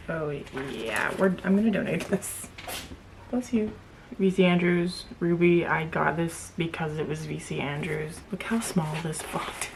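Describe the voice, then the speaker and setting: A woman's voice: on the low side, creaky, darkish tone, slight background noise. A young woman vlogger chatting casually to camera, blunt and opinionated, laughing often.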